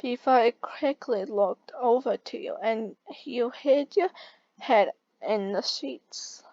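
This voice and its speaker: Woman story reader, slightly high voice, very slow halting delivery, muffled dry home recording. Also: darkish tone, dry recording. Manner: halting, stumbling reading with restarts. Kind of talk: reading a second-person fan story aloud.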